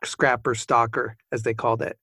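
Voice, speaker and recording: A man hosting a casual chat, telling a quick story in a steady, even manner. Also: medium pitch, breathy edge, no room sound, studio quality.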